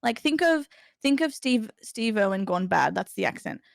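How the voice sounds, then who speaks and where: A woman's voice: on the high side, lively intonation, normal speed, creaky, no echo, studio quality. A young Australian woman in her twenties, a guest chatting casually and laughing often between stories. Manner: giggly, chatty, trailing restarts. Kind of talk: casual interview chat.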